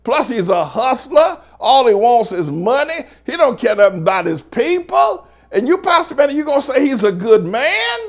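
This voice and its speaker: A man putting on the voice of a churchgoer who scolds him, pitched high and shouting accusations. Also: animated, unhurried, gravelly, heavily acted. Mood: outraged scolding.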